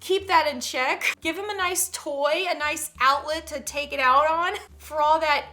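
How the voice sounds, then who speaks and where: Bright high-voiced woman joking on camera. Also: unhurried. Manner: animated, laughing often, jumps into loud put-on voices. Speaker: comedy YouTuber reacting to parenting tweets. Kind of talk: comedic commentary with acted voices.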